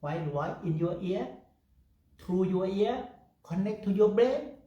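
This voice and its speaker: A man's voice: high-pitched, animated, slow pace, dark tone, muffled recording. A man teaching a guided meditation in simple, broken English, laughing often and repeating phrases in a meditation room. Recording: echoey room, far from the mic.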